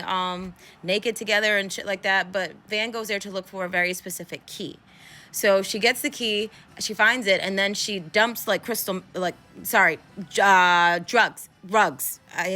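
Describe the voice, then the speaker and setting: A woman hosting cultural commentary, recapping a TV episode casually, rambling with fillers and acting out characters' lines. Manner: animated, acts out characters' lines with big pitch jumps; rambling, self-interrupting with fillers.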